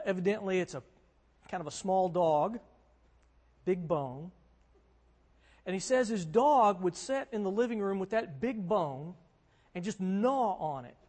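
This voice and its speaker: A man's voice: sits high, darkish tone. A man preaching as a pastor, earnest and conversational, driving points home with emphatic repetition. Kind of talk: sermon. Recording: long hall reverb.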